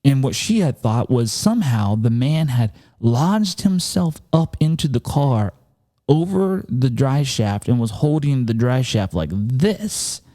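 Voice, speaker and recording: A man's voice: mid-range voice, lively intonation, measured pace, dark tone. A man hosting a podcast, telling a personal story and turning it into earnest, emphatic preaching. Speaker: podcast host.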